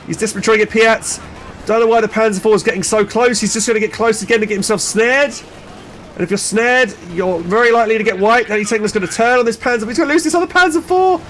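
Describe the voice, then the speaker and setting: High-voiced, excitable male game caster. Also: fast talker, slight background noise. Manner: exclaiming, swearing, many restarts and fillers. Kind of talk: excited play-by-play game commentary.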